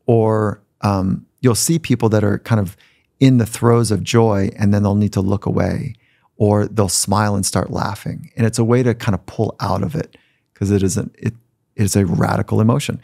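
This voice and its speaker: A man's voice: fairly low pitch, steady tone, moderate pace, gravelly, dark tone, no echo, clean studio sound. A man guest on a podcast, telling personal stories in a reflective, conversational way and sometimes acting out the voices of people he quotes. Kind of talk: conversational storytelling. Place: podcast studio.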